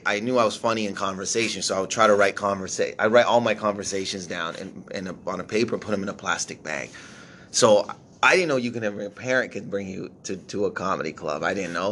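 A Canadian-raised stand-up comedian, a man, telling his story in casual, profane, animated chat. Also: on the low side, a little hiss or hum.

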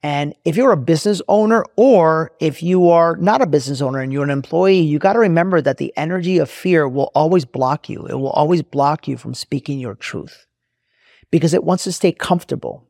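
A man's voice: a little high, fairly quick, creaky, a little mellow, dry recording, clean studio sound. A man hosting a podcast, telling a personal story in an emphatic, preachy way and repeating his phrases for effect. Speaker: podcast host. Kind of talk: motivational storytelling monologue.

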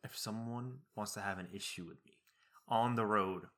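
A young man co-hosting a casual podcast, with a bright, forceful voice. He tells stories in a laid-back way and laughs often. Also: on the low side, normal speed. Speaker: podcast co-host. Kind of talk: casual chat.

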